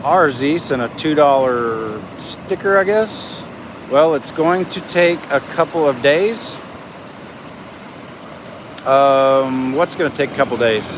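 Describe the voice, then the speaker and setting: A man's voice: medium pitch, takes it slowly. Chatty middle-aged man filming outdoors. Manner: chatty, reads out viewer comments and narrates what he sees. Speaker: livestream host. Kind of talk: casual live-stream chat. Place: outdoors by a beach inlet. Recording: outdoor noise in the background.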